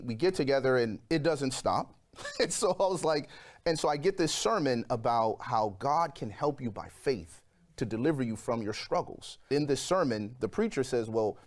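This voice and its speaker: Animated man telling a personal testimony. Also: medium pitch, normal speed. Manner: animated storyteller, acts out quoted voices. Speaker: guest.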